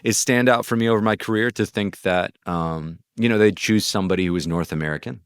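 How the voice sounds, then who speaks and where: A man from North Carolina, a voice actor, telling animated, rambling anecdotes in an interview, with a gritty chest voice. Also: on the low side, fairly quick, smooth, no room sound, clean studio sound. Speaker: guest voice actor. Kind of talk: casual interview storytelling.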